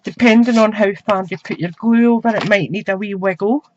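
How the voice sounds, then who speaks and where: A woman's voice: mid-range voice, a little fast, darkish tone, muffled recording, slight background noise. A woman giving a crafting tutorial from her desk at home, chatting as she works with her hands. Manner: chatty, talks while working with her hands. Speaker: craft demonstrator. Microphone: camera mic.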